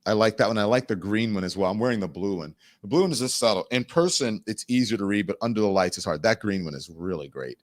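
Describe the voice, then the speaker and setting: A man's voice: fairly low pitch, expressive, fast talker, hardly any pauses, dry recording, clean studio sound. A man hosting a live online talk show, speaking candidly and with animation straight to his viewers. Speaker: show host. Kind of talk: casual livestream commentary.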